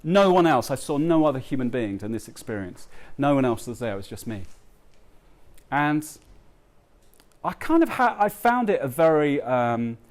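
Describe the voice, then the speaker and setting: A man's voice: mid-range voice, very animated. Heartfelt man speaking live. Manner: heartfelt, halting, many ums and restarts. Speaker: author giving a talk. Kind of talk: speech at a book launch. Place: live event before an audience.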